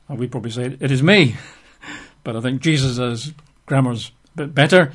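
A man's voice: fairly high pitch, moderate pace. Wry, chatty male preacher. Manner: conversational, wry asides and chuckles while reading scripture. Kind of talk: sermon.

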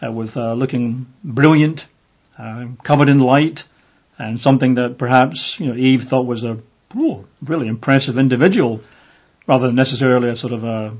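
A man's voice: medium pitch, normal speed, darkish tone. Guy preaching casual bible study, lots of uhs, kinda muffled lo-fi audio. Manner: conversational, with many fillers, acts out voices in the reading. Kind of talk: informal Bible teaching. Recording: dull lo-fi audio.

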